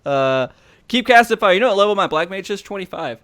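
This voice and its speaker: Bright, animated man hosting a podcast. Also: high-pitched, fairly quick. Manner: animated, swearing, laughing, narrating play by play. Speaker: podcast host. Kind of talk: casual commentary over gameplay footage.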